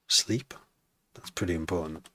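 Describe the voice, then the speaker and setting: A man's voice: deep voice, unhurried, pushed and bright. A man with a slight Wrexham accent, talking to himself while producing music, musing aloud with wry asides and many restarts. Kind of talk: casual self-talk while making music.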